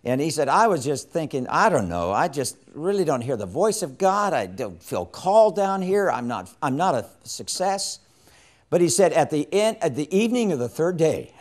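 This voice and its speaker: Impassioned male evangelism teacher. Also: on the high side. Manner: impassioned, swings from loud emphasis to hushed quoting. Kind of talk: teaching sermon with storytelling.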